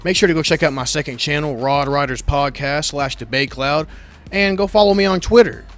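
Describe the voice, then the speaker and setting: A man's voice: fairly high pitch, a little fast, fairly bright tone, soft background music. A man hosting a casual Q&A video, answering viewers' questions in an enthusiastic, slangy way and repeating set phrases. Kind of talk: casual Q&A vlog.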